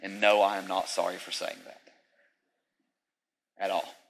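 A man's voice: deep voice, flat delivery, unhurried, vocal fry, low-quality recording. A male pastor preaching a sermon in an emphatic, repetitive style with conversational asides.

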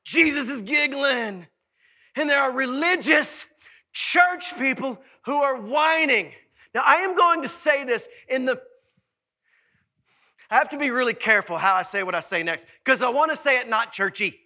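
A man preaching a sermon as pastor, telling the story in an animated way and swinging from hushed tones to shouting. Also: extremely high pitch, normal speed.

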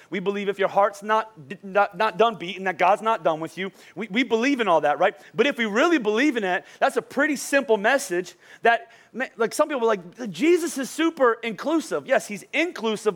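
The pastor, a young adult man, preaches in a church auditorium in a high-pitched and fairly bright voice. He keeps things casual and energetic, repeatedly restarting, repeating words and asking listeners "right?"

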